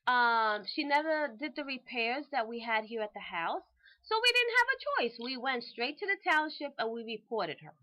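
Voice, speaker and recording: A woman's voice: fairly high pitch, very animated, moderate pace. Woman quoting a fed-up, defiant tenant. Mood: complaining. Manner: firm, insistent. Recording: dull lo-fi recording.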